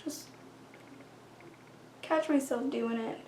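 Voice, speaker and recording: A young woman with a high, bright-pitched voice talks her way through a makeup routine, chatty and step by step, now and then dropping into a whispered aside. She is recorded in an echoey room at home, with a faint hum underneath. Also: slow pace. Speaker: beauty vlogger. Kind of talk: casual makeup tutorial chat.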